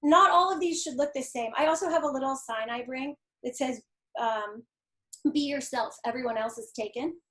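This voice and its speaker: A woman with a notably high voice speaks as a guest in an interview. She is earnest and encouraging, and she often acts out little quotes as she tells her stories. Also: moderate pace, a bit bright. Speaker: guest artist and painting teacher. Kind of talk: conversational interview.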